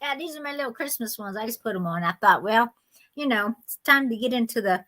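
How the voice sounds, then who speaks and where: A woman's voice: on the high side, lively intonation, a little fast, bright, forceful tone. A woman with a Southern US accent hosting a live vintage sale stream, chatty and folksy and laughing often. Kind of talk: casual live-stream chat.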